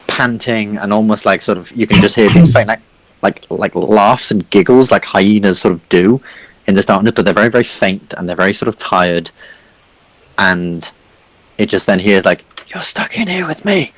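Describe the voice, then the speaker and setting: A man runs a tabletop game as game master, rambling through scenes with lots of fillers. His voice sits low, and the recording is dry and close. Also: normal speed, dry recording, poor audio.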